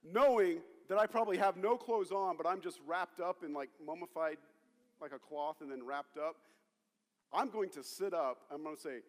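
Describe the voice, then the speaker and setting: A man preaching a sermon as pastor, rallying the congregation and calling on them to shout back. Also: a little high, normal speed. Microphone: handheld or stage mic. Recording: long reverb of a large hall.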